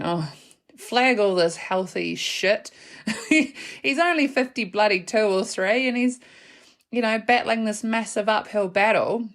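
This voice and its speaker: A woman's voice: mid-range voice, gravelly. A woman in her thirties with a New Zealand accent, hosting a casual solo podcast, rambling in a frank, slangy way and laughing often. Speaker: podcast host.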